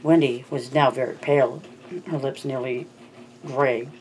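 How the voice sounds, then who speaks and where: An audiobook narrator reading a novel in a steady, measured scripted style. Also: medium pitch, slight background noise.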